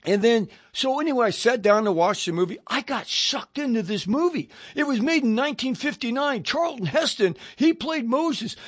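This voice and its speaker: An older man preaching on the radio, telling his conversion story in an animated way and acting out both sides of the conversations. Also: extremely high pitch, normal speed, hardly any pauses, breathy edge, no echo. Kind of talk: personal testimony to radio listeners.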